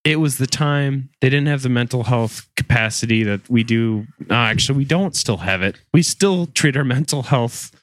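A man hosts a podcast and tells a grim story in a loose, joking way, swearing freely. His voice sits at an ordinary pitch and sounds dry and close, with no room around it. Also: moderate pace, hardly any pauses, fairly bright tone, no echo. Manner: profane and joking. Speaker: podcast host telling a true crime story. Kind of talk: casual chat, comedic retelling.

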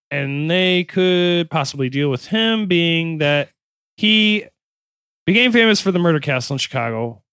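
A man's voice: a little high, fairly bright tone, clear, resonant tone, dry recording. Male podcast host, casual reader, jokey asides, dry close-miked sound. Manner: joking, self-interrupting while reading. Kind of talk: casual chat, reading notes aloud.

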